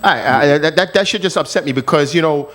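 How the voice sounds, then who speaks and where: A man's voice: on the high side, brisk, a bit bright. A man from the United States, co-hosting a radio show and ranting angrily with heavy profanity. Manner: angry, profane, emphatic ranting. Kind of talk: heated talk radio rant.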